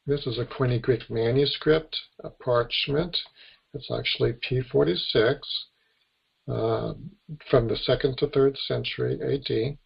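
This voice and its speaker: An American man teaching a webinar lecture in a deeply gravelly, husky voice. He walks through the letters patiently, one by one, at an unhurried pace. The recording sounds dull and lo-fi. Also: steady tone. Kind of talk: lecture to an online class. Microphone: computer microphone on a webinar.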